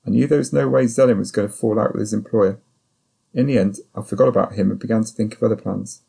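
A male narrator reads a first-person novel in a measured, sombre manner. His voice sits low and is heavily gravelly, with a dark, husky grain. The delivery is steady and even. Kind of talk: audiobook narration.

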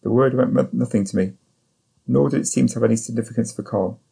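Reading a thriller audiobook in the first person, this male narrator keeps a steady, measured pace. His low, gravelly voice carries a dark, slightly husky tone, and his delivery stays even and controlled throughout this scripted narration.

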